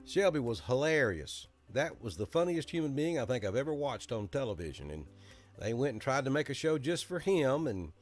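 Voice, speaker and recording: A man's voice: medium pitch, sing-song, fairly quick, darkish tone, soft background music. A middle-aged man from Alabama with a Southern accent, hosting a casual live weather chat in a folksy, chatty way. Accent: Southern American, Alabama.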